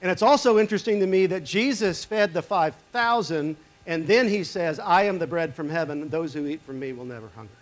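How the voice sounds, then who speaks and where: Male pastor, somewhat high voice, relaxed chatty sermon delivery with lifted quotes and hushed asides. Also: brisk, few pauses. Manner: conversational, rises for quoted lines and drops low for asides; some fillers and restarts. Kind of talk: sermon, reading scripture and explaining.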